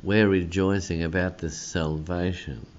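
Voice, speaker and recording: A male pastor preaching a sermon, slow and emphatic, often tagging on a questioning "hey?". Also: low voice, fairly even intonation. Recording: dull lo-fi sound.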